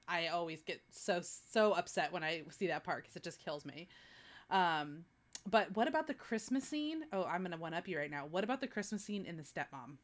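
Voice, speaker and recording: A woman's voice: fairly low pitch, a bit bright. A woman co-hosting a podcast in casual chat, self-mocking and chatty, often laughing. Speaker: podcast co-host.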